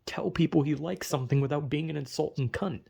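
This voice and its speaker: A man's voice: a little high, fairly quick, vocal fry, warm tone, husky. A man ranting casually to camera, blunt and full of swearing, laughing at his own jokes. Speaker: vlogger. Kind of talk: profane casual rant.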